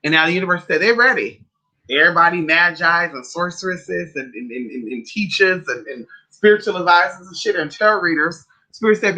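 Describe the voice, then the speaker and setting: Sassy, very bright-voiced man chatting. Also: brisk. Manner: sassy, chatty, calls viewers honey and girl; animated storyteller with big pitch swings. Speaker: spiritual advisor on a livestream. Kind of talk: casual livestream chat.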